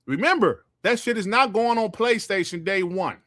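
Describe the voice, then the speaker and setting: An older man hosts a casual gaming stream, firing off loud, profane trash talk and laughing as he reads the chat. His voice sits a bit high for a man. The sound is dry and close, with no room echo. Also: expressive, normal speed. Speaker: podcast host reading live chat.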